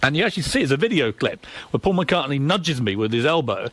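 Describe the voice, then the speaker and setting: A man's voice: medium pitch, sing-song, fast, a bit bright, dry recording. A British man, a former newspaper editor, telling gossipy anecdotes as a guest on a talk show and acting out the voices of people he quotes. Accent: British English. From Britain.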